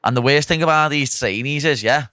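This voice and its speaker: A man's voice: mid-range voice, brisk, sharp tone, no room sound. A young man with a Liverpool accent hosting a podcast, chatting bluntly with plenty of swearing. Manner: blunt, sweary, laughing banter. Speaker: podcast host. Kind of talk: casual banter.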